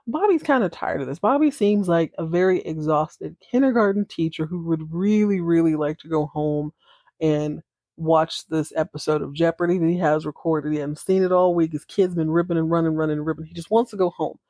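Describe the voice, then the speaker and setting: A woman's voice: low-pitched, brisk, warm tone, dry recording, clean studio sound. A woman hosting a casual podcast, giving a chatty, playful and dramatic retelling full of asides. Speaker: podcast host.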